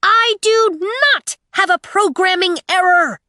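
A woman voicing a chirpy, excitable female servant android in an audiobook, high and eager. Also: measured pace, no echo, studio quality, exaggerated voice. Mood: indignant. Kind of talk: audiobook character voice.

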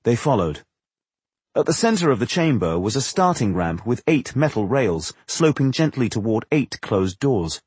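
A man reading a fantasy novel aloud as narrator, in a measured, expressive storytelling manner. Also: medium pitch, slightly rough, no echo. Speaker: audiobook narrator. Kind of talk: scripted narration.

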